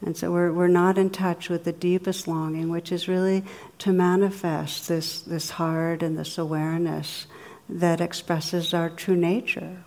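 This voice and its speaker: Woman giving a gentle dharma talk. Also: on the low side, level tone, measured pace. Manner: warm storytelling, laughs at her own jokes. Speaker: meditation teacher. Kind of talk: dharma talk with humorous stories. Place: meditation hall with audience.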